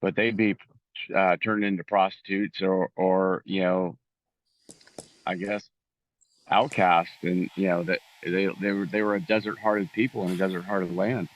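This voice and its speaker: A man hosting a songwriting circle over a video call, talking reflectively in a halting way with lots of restarts. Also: low-pitched, level tone. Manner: halting, many restarts and fillers. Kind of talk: reflective casual talk. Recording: dry, dull lo-fi call audio.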